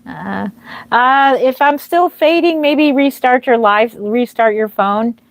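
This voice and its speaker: A woman's voice: a little high, slow, vocal fry, no room sound. Chatty woman with a dry close voice. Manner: chatty, thanks viewers by name, many fillers. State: dry throat. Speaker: reborn doll artist hosting a livestream. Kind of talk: chatty livestream talk. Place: home nursery. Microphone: wearing a microphone.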